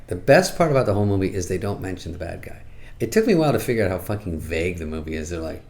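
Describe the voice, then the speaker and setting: A middle-aged man doing a deadpan, sarcastic comic movie review in casual chat, now and then jumping into squeaky put-on voices. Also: fast.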